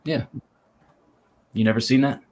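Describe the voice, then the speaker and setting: A man's voice: medium pitch, fairly even intonation, a little slow, a little mellow. Teasing man cracking crude jokes. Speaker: podcast co-host. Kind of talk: casual chat.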